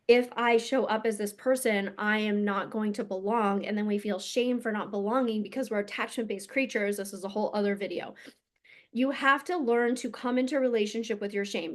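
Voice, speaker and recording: A woman healer and coach giving a casual teaching monologue, blunt and emphatic, swearing freely. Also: medium pitch.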